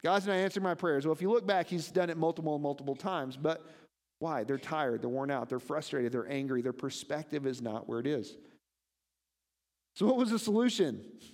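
A man preaching a sermon as pastor, animated and often asking his listeners questions. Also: on the high side, moderate pace, in a large hall. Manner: animated, asks the congregation questions.

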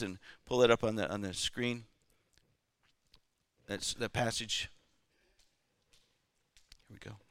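A man's voice: mid-range voice, sharp tone, clear, resonant tone, no room sound, studio quality. A man preaching a Pentecost Sunday sermon, leading call-and-response and checking in with the congregation as he goes. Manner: repeatedly asks "all right?" of the listeners. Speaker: pastor. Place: church service.

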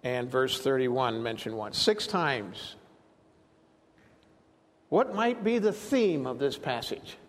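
A man's voice: mid-range voice, sing-song, slow pace, pauses often, a bit bright, long reverb tail. A man preaching an expository sermon as pastor, reading scripture and explaining it, acting out quoted lines with animation.

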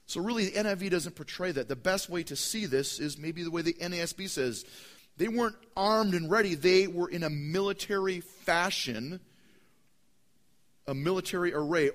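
A man preaching a sermon as pastor, emphatic and repetitive, swinging between loud and hushed delivery. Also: a little high. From United States.

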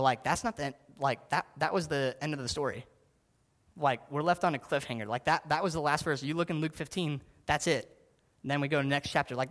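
A man's voice: fairly high pitch, a bit bright. A man preaching casually, often saying "like" and asking his listeners direct questions. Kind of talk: sermon.

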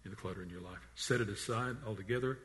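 Low-voiced man preaching a sermon. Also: fast talker. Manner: earnest preaching, dropping to a hush on quiet lines; frequent restarts and repeated words. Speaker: pastor.

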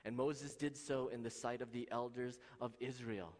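A man preaching a sermon with passion, swinging from loud, soaring lines to hushed, quiet ones. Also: steady tone, moderate pace, hardly any pauses. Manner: impassioned, swings from loud highs to hushed lows. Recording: long hall reverb.

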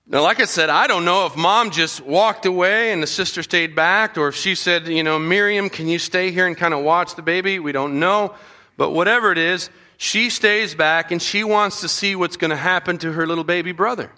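A man preaching a Bible story to children, animated and acting out the voices of the people in it. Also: sits high, moderate pace. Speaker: children's pastor. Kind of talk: storytelling sermon.

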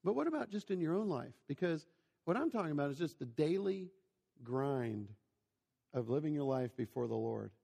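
Gravelly man preaching in a hall. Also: on the high side, sing-song, normal speed, mellow. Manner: storytelling, conversational, rhetorical questions to listeners. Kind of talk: sermon. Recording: long hall reverb.

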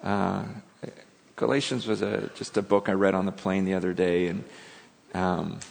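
Guy pastor preaching, gravelly and kinda rough, lots of restarts, big echoey church hall. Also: deep voice, level tone, normal speed. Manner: earnest, conversational, with many restarts and emotional asides. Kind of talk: sermon. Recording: long hall reverb.

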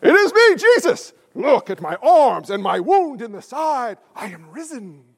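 A man acting out a grand risen savior with a very high, ringing voice. He proclaims every word in a booming, melodramatic way, like a stage play. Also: sing-song, unhurried, full character voice. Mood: grandiose.

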